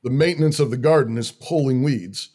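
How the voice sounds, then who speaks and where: This is a man who leads a church, talking in a relaxed interview. He speaks earnestly and lays out plain daily rules in quick rhythmic lists. His voice sits in an ordinary middle pitch. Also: husky. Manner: earnest, rhythmic listing of practical commands. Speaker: church leader. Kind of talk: conversational interview talk.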